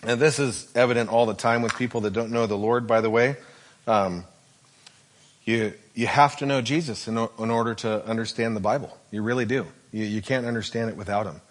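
A man's voice: mid-range voice, fairly even intonation, fairly quick. Guy preaching, chatty, keeps asking "okay?" as he explains. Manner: explanatory, checks in with "okay?" often. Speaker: pastor. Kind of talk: sermon.

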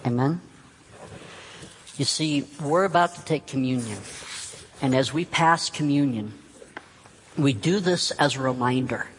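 Brief: unhurried male pastor preaching, earnest and repetitive, long hall reverb. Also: medium pitch, slight background noise. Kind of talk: sermon.

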